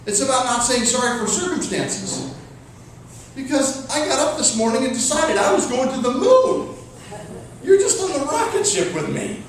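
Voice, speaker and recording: A man's voice: very high-pitched, sing-song, moderate pace, slight background noise. A man giving a comic motivational talk to a real estate group, joking and acting out clients and himself in playful voices. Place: meeting room with an audience. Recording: echoey hall from far off with an audience.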